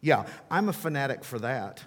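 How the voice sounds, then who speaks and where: A middle-aged pastor delivers a sermon with an emphatic, animated manner and playful asides. His voice sits at an ordinary middle pitch for a man. The sound carries the long reverb of a large church hall. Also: moderate pace.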